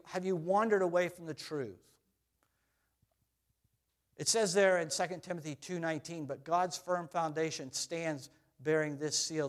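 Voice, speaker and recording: A middle-aged man who is a pastor, earnestly preaching a sermon to his congregation. He swings up loud on scripture quotes and drops low and quiet on his questions.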